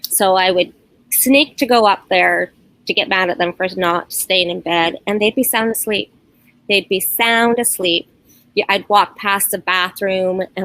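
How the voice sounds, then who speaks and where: A woman's voice: mid-range voice, fairly even intonation, measured pace, a bit bright, rough recording. A middle-aged woman recounting strange happenings in her home for a documentary interview, earnest and storytelling, often quoting her children. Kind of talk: personal account, documentary interview.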